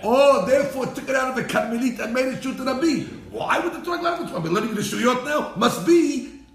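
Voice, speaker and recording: A man teaching a Torah class in an animated way, mixing Hebrew terms into English and repeating his phrases. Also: very high voice, quick pace, roomy sound.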